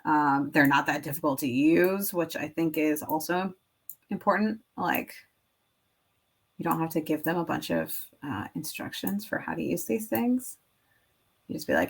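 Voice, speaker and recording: A woman's voice: deep voice, normal speed, vocal fry, long pauses, fairly bright tone, breathy edge. A young woman making classroom activities, chatting casually to viewers and rambling as she thinks aloud, with filler words and the odd whisper. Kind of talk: casual work-with-me chat.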